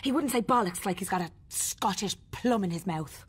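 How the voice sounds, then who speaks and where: Brisk Irish director, female, very breathy. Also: medium pitch, animated. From Dublin, Ireland.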